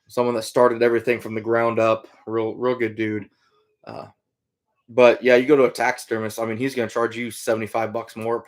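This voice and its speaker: Middle-aged guy from iowa, laid-back livestream chat, rambles with lots of uhs and ums. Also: on the low side. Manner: easygoing, rambling, with frequent fillers. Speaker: livestream host, trapper and hunter. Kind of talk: casual livestream chat answering viewer comments.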